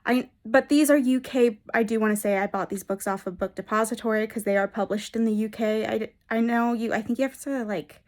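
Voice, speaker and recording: A woman's voice: a little high, fairly even intonation, a little fast, few pauses, a little mellow. Gushing young woman book vlogger. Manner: gushing and enthusiastic, rambling with restarts. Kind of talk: casual reading vlog chat.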